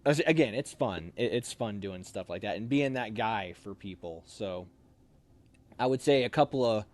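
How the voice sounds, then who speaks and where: A young man telling army stories in a casual chat, animated and laughing as he acts out lines. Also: lowish voice, normal speed.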